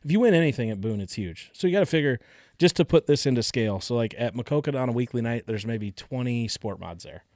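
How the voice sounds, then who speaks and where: Man, podcast guest, storyteller, animated, cocky, swears, mid pitch, dry sound. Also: fast, no room sound. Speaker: guest, race car driver. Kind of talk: casual storytelling.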